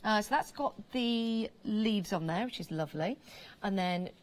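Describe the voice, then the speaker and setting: A woman's voice: mid-range voice, unhurried. A woman presenting on a live shopping channel, chatty and teasing, laughing often. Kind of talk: live shopping broadcast chat.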